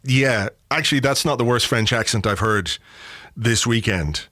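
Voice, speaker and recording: A man hosting a podcast, talking in a relaxed, chatty way and often rephrasing himself mid-sentence. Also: mid-range voice, normal speed, no echo, studio quality. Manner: relaxed, self-correcting, chatty. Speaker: podcast host. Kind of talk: casual podcast chat.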